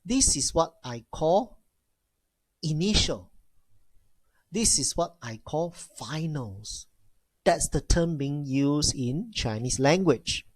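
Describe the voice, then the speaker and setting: Man, language teacher, unhurried, repeats himself, exaggerated tone demos, dry sound. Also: fairly high pitch, animated, no room sound. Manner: repeats key phrases, addresses class as ladies and gentlemen; demonstrates tones with exaggerated sounds. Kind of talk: classroom lecture.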